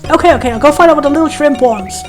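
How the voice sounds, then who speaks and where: Racing along in a high voice, this let's play host offers chatty, casual commentary on the video game she's playing and how it stacks up against other versions. Game music runs underneath.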